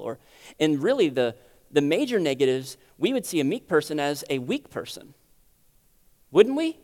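An unhurried, sing-song voice carries this man's sermon through a reverberant church sanctuary. He teaches as if in conversation, asking rhetorical questions and alternating between forceful emphasis and quiet dips.

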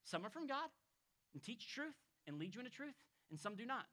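Bright-voiced preaching man. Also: very high-pitched, big pitch swings, fairly quick. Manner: storytelling, acting out quoted people. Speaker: pastor. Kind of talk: expository sermon.

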